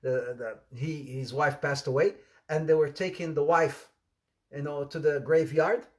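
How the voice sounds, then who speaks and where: Speaking a little slowly, this high-voiced male Islamic preacher delivers a casual sermon packed with humorous stories. His storytelling is lively: he slips Arabic phrases into his English, chuckles at his own jokes, and acts out quoted voices.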